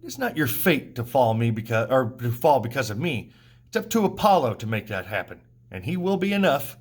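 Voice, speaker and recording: A teacher reading a stern blind old prophet. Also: male voice, mid-range voice, very animated, brisk, slightly rough. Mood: calm. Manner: grave, warning reading. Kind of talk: reading a play aloud.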